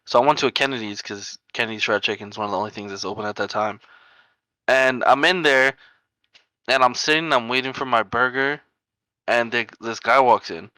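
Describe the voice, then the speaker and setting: A young man from New York tells rambling street stories on a casual podcast. His voice is bright and forward, and he fills his speech with "like" and "bro". The sound is close and dry. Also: mid-range voice, a little fast, clear, resonant tone, no room sound, poor audio. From New York area. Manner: rambling, laughing anecdotes full of "like" and "bro". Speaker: podcast co-host. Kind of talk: casual storytelling chat.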